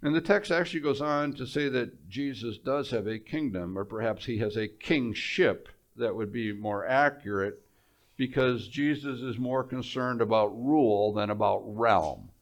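A male preacher giving a sermon, telling the story in an animated way, repeating words and dropping quiet for emphasis. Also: medium pitch, normal speed.

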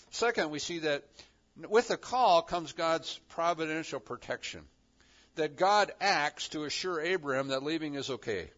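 A man preaching a sermon, acting out the voices of God and his listeners with lively emphasis. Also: fairly high pitch, moderate pace, highs cut off.

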